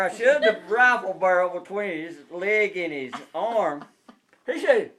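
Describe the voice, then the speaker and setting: A man's voice: very high voice, moderate pace, crowd noise. A man telling a hunting story to family, laughing as he goes. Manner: laughing, animated, colloquial storytelling.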